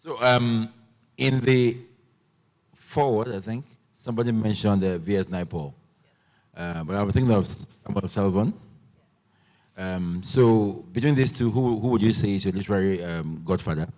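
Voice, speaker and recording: Man from Nigeria, lowish voice, halting moderator questions, long hall reverb. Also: darkish tone. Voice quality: halting, full of fillers and restarts. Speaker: panel moderator. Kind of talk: panel interview. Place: festival stage.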